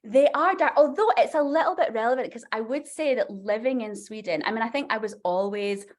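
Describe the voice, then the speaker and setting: A woman in her forties, a novelist guest on a podcast, telling a story in a chatty, animated way full of fillers. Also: on the high side, fairly quick. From Scotland.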